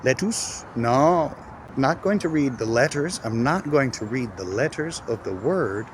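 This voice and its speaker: A man teaching English pronunciation in a casual video lesson, speaking emphatically and repeating words slowly as drills. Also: medium pitch, animated, slight background noise.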